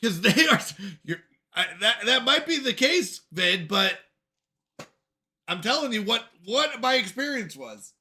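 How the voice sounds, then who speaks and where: An American man chats casually on a gaming livestream, drifting from topic to topic as he replies to viewers. His voice sits high and sounds bright and forceful. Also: sing-song, a little slow. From United States. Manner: rambling, answers chat questions aloud. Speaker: streamer.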